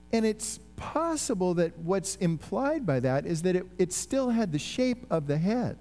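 A man with a notably high voice preaches in an easy, conversational way. He retells the scene with animation and often restarts his sentences. His voice rings with a long hall reverb over faint music. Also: mellow. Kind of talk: sermon.

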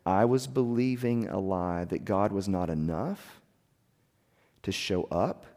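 Soft-spoken pastor man in a reverberant hall. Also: deep voice, slow pace. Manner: earnest, confessional storytelling. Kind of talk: sermon.

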